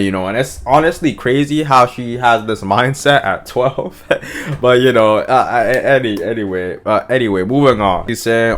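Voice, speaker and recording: A man's voice: on the low side, normal speed, fairly bright tone. A young man giving a casual reaction commentary, full of profane slang, fillers and restarts. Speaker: manga reaction vlogger.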